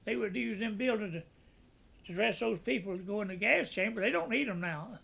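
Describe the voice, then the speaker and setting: A man's voice: high-pitched, animated, a little fast, creaky, pushed and bright, slightly rough. An older man, a war veteran, telling wartime stories in a folksy way and acting out the voices of the people in them. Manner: folksy, acts out quoted voices, laughs at own jokes. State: tearful at times. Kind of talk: oral history storytelling.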